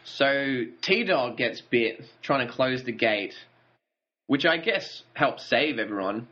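A man's voice: medium pitch, lively intonation, slow pace, pushed and bright. A man co-hosting a casual podcast, recounting a show's plot in a dry, wry way. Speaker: podcast co-host. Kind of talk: casual recap chat. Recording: dull lo-fi audio.

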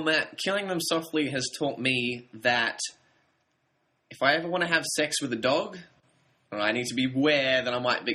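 A man co-hosting a casual film podcast, talking in a thoughtful, measured way with slight hesitations. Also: mid-range voice, pushed and bright. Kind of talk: casual film review chat.

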